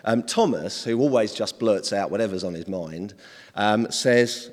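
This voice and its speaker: A man playing a preacher, fairly low voice, chatty and halting delivery, long hall echo. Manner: conversational and hesitant, with many ums. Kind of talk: informal sermon.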